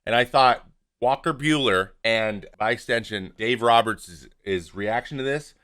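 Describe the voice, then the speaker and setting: A man in his thirties giving animated, opinionated casual commentary over game footage, acting out what the players say. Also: mid-range voice, a little slow, smooth. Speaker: podcast host and former pitcher.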